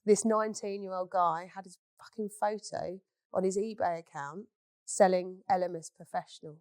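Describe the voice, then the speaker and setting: A woman's voice: on the low side, steady tone, normal speed, a little mellow, dry recording. Blunt, swearing woman. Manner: blunt, swears freely, storytelling. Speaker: beauty business owner. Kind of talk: candid casual chat.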